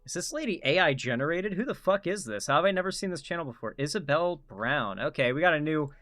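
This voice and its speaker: A man's voice: a little high, lively intonation, fast talker, a bit bright. A man hosting a casual reaction commentary, blunt and swearing, rambling with restarts. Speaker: commentary host.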